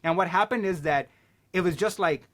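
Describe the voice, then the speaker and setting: Man, podcast guest, casual chat, lively storytelling, fairly high-pitched voice. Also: moderate pace. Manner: animated storyteller who swears casually.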